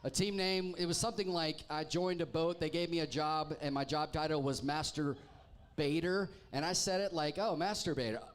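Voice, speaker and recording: A man's voice: on the high side, fairly even intonation, moderate pace, clean tone. A man hosting a live pub trivia night, reading team names with wry, teasing jokes to the crowd. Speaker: trivia host. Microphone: handheld microphone.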